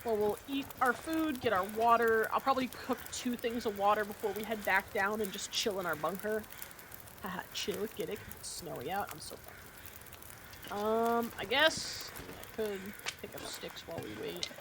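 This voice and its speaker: A woman's voice: mid-range voice, moderate pace, background noise. A woman streaming a survival game, talking casually, joking and swearing freely. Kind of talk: casual gameplay commentary.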